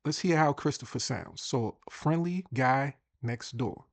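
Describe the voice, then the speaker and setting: A man's voice: mid-range voice, measured pace, no room sound. A man hosting a casual screen-share tutorial, chatty and thinking aloud as he repeats himself. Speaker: host.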